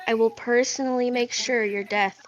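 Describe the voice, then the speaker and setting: A woman reading out an angry letter from a young woman character, spoken at normal volume rather than shouted. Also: fairly high pitch, steady tone, normal speed, dry recording, lo-fi sound, lightly acted. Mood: stern, threatening. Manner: read aloud at talking volume, not yelled.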